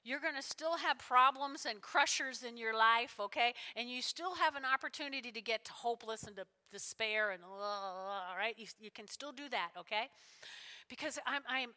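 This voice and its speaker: A woman preacher with a high, bright, forceful voice delivers an animated sermon, circling back to her points and asking "all right?" again and again. Her voice rings out with a long reverb, as in a large church sanctuary. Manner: animated, repeats lines, checks in with "all right?".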